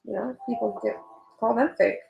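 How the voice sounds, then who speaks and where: A woman's voice: on the high side, fairly even intonation, moderate pace, creaky, roomy sound, dull audio, a little hiss or hum. A young woman chatting casually while she works on a drawing, rambling and swearing, getting worked up at times. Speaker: artist vlogger.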